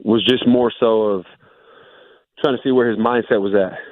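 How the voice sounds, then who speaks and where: A former pro football player calls in to a radio show, a man with a somewhat low voice who talks in a laid-back, upbeat way full of "like." The call comes through a tinny phone line that sounds dry and close. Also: steady tone, moderate pace, dry recording. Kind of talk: casual radio interview.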